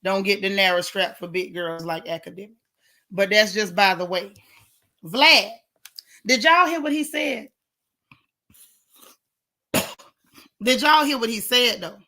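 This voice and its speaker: A woman's voice: medium pitch, unhurried, pauses often, pushed and bright. A woman vlogger giving casual commentary on celebrity gossip, indignant and sarcastic, talking straight to her viewers.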